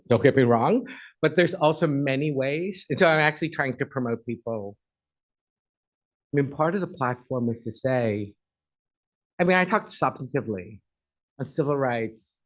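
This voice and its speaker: A man's voice: medium pitch, poor audio. A middle-aged man giving a chatty, effusive guest speech at an agency event, then taking audience questions.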